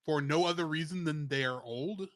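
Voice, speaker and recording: A man co-hosting a casual film discussion podcast, laying out his points in a measured way. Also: on the high side, fairly bright tone. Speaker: podcast co-host.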